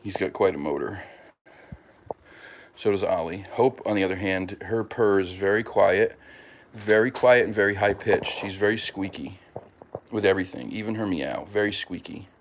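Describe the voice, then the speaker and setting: Speaking at normal speed with a voice that sits low, this man hosts a casual podcast from home. He rambles, restarts and fills his sentences while speaking affectionately about his pets, and there's a slight hiss or hum in the background.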